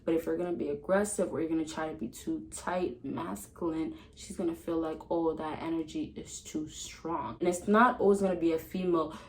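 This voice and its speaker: A woman giving dating advice to camera in a casual vlog, chatty and emphatic, swinging between loud excitement and a soft calm tone, laughing often. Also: sits low, fast, few pauses, poor audio. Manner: laughs often mid-sentence.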